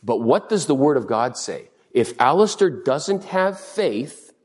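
Middle-aged male pastor, lively sermon voice, husky, echoing hall. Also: mid-range voice, a little slow. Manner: animated, joking preacher acting out dialogue.

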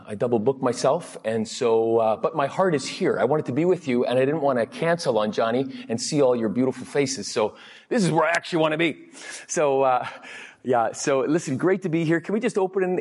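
Husky-voiced man preaching casually. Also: mid-range voice. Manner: chatty and anecdotal, quoting people in lively voices. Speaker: guest preacher. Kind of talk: conversational sermon.

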